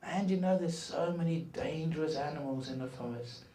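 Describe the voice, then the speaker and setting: A man's voice: fairly high pitch, normal speed, far from the mic, a little hiss or hum. Man telling stories in an echoey hall. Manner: storytelling, animated and humorous. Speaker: meditation teacher. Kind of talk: dharma talk. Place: retreat hall.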